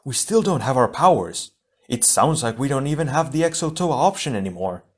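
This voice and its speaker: A man's voice: mid-range voice, very animated, fairly quick, slightly rough, voice pushed up. A man voicing a doubtful, worried male hero warrior in an audiobook.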